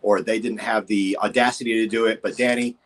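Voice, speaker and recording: A man's voice: fairly low pitch, steady tone, fairly quick. A man hosting a casual podcast chat, asking earnest and mock-incredulous questions. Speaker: podcast host.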